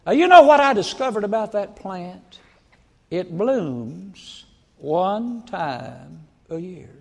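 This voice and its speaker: Male preacher, folksy storyteller, raised gravelly voice, long hall reverb, bursts loud for quoted lines. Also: sits high, sing-song, slow. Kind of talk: sermon. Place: church sanctuary.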